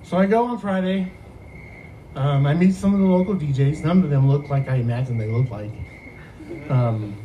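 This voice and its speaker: A man who works as a student affairs advisor, telling a personal story on a podcast in an animated way and laughing often. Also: a little high, a little hiss or hum, poor audio.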